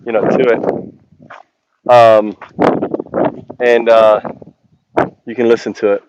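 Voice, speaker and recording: A man recounting his experience in a halting, rambling monologue, often stopping to search for words. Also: mid-range voice, little pitch movement, background noise. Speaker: channel host. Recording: dull lo-fi recording.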